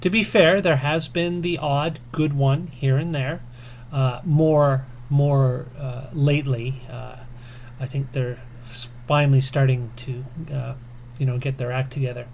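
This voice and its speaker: A man's voice: medium pitch, fairly even intonation, a little slow, gravelly, a little mellow, a little hiss or hum. Chatty man rambling with ums. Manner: chatty and self-deprecating, lots of ums and chuckles. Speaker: video game vlogger. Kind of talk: casual to-camera tag response.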